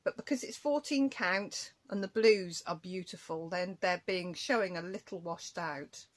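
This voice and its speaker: A woman's voice: on the low side, unhurried. A woman chatting casually to camera in a cross-stitch vlog, rambling and breaking off to scold her cat.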